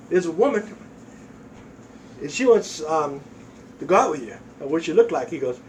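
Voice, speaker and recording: A man's voice: on the high side, animated, moderate pace, pauses often, a little mellow, distant mic, a little hiss or hum, low-quality recording. Profane older man telling crude jokes. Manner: profane, folksy storytelling, acts out voices.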